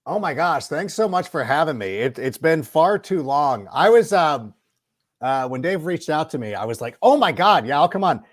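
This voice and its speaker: A middle-aged football analyst joins as a guest and talks in a chatty, rambling way, full of asides. His voice sits a little high and swings widely in pitch. The sound is close and dry. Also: animated, moderate pace, no room sound. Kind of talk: casual sports talk interview.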